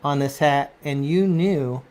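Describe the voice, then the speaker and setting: A man hosting a casual conversation, talking haltingly with restarts and throat clearing. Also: fairly high pitch, darkish tone. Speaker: host. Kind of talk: casual chat.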